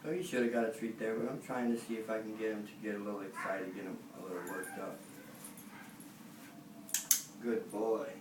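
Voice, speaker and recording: A man working as a dog trainer, explaining the training casually while he works, relaxed and rambling with many fillers. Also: on the low side, fairly quick, pauses often. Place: indoor dog facility. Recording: roomy, distant camera sound, noisy.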